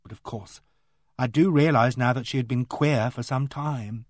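A man's voice: medium pitch, moderate pace, dry recording, clean studio sound, natural voice. A male reader voicing a kindly young woman who chatters earnestly and fusses over others.

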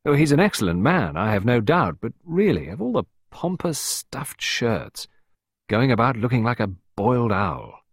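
Man voicing an eager lovesick young man, pleading, petulant, husky, dry close sound, storybook. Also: medium pitch, big pitch swings, normal speed, dry recording, voice pushed up. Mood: needling.

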